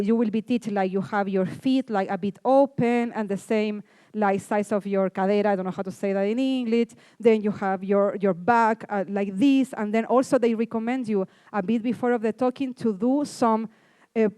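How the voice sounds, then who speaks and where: A woman from Chile with a Chilean Spanish accent, giving a classroom lecture in a halting way, restarting sentences and filling pauses. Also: medium pitch, dark tone, dry recording. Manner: halting, self-correcting speech with many fillers. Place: lecture room.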